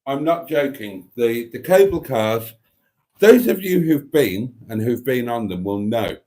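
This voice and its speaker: Man, middle-aged, live stream host, animated, dramatic, swears a lot, average pitch. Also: unhurried. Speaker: live stream host reading viewer comments. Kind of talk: casual live stream chat.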